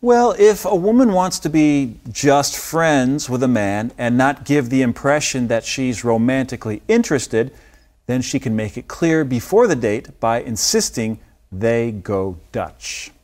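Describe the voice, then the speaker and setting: A man co-hosting a scripted English lesson, explaining an idiom with clear, patient examples. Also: mid-range voice, animated, measured pace, darkish tone. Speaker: English teacher. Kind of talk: scripted language lesson dialogue.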